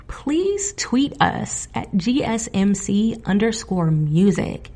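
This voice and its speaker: A woman hosting a music podcast alone, talking in a casual, animated way, laughing often and getting indignant. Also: mid-range voice, vocal fry. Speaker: podcast host. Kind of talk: casual solo podcast commentary.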